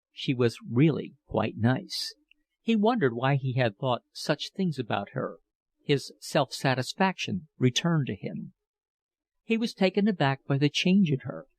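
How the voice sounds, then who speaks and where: A man narrating a novel as an audiobook in a measured, expressive reading. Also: mid-range voice, no room sound.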